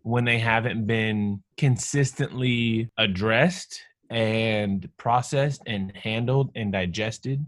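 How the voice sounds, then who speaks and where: A man's voice: lowish voice, takes it slowly, hardly any pauses, fairly bright tone, dry recording, clean studio sound. Earnest man in his thirties chatting. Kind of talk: casual chat.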